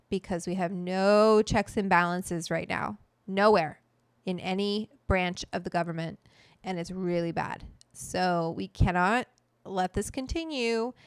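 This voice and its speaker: Middle-aged woman host, smooth and dry up close; blunt, profane, fired-up livestream chat. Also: lowish voice, no echo. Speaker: cooking show host.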